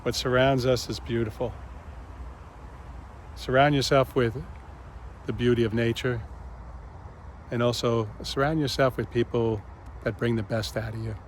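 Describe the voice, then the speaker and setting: A man speaks slowly and gently on his own spiritual vlog, with long pauses between short phrases. His voice sits at an everyday middle pitch, and faint traffic hums behind him outdoors. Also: fairly even intonation. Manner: slow, gentle, pausing often. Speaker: channel host.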